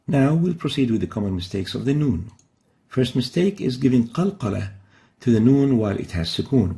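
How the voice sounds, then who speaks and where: Guy teaching recitation, kinda gravelly, dark mellow tone, patient and careful. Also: medium pitch. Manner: explains patiently, demonstrates each sound slowly and carefully. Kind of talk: recorded instructional lesson.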